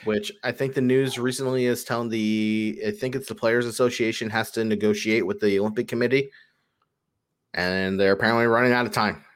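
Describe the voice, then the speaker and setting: A man co-hosting a podcast, chatting casually about sports with many fillers, getting animated when he tells a story. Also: lowish voice, a little fast, smooth. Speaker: podcast co-host.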